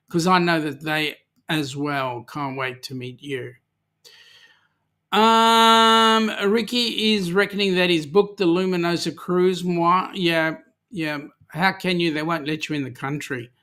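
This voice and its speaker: Slow-talking Australian man hosting a live chat. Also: on the high side, sharp tone. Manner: hesitant, many ums, teasing and chatty. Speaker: livestream host. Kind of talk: casual livestream chat reading viewer comments.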